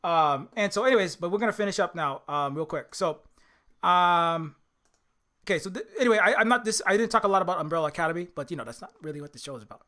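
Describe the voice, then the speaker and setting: Male host from Hawaii, casual rambling commentary; high-pitched, bright tone. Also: lively intonation, fast. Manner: rambling, many restarts and fillers. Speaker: channel host.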